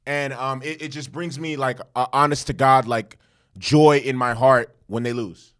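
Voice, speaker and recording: A man hosting a casual sports reaction show, talking in an animated, profane way and repeating points for emphasis. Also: mid-range voice, unhurried, clear, resonant tone, dry recording, studio quality. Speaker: sports commentary host.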